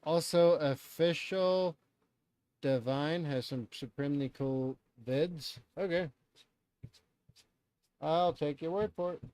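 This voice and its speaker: A man's voice: on the high side, takes it slowly, long pauses, darkish tone, clear, resonant tone, no echo. A man hosting a live stream, reacting in loose, chatty talk and swearing freely.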